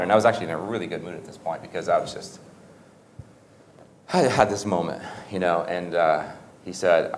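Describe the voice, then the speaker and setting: A man's voice: low voice, a little fast, a little hiss or hum. A man giving a motivational talk, telling a story in a conversational, humorous way and often correcting himself mid-sentence. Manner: conversational and humorous, with frequent self-corrections and laughter. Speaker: motivational speaker.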